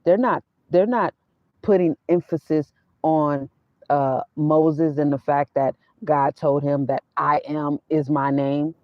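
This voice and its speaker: A woman's voice: low voice, fairly even intonation, slow pace, no room sound. Woman preaching casually in a dry van. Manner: preachy, quotes scripture, casual slang. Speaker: vlogger. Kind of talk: casual spiritual talk. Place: inside her van. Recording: dull, dry sound.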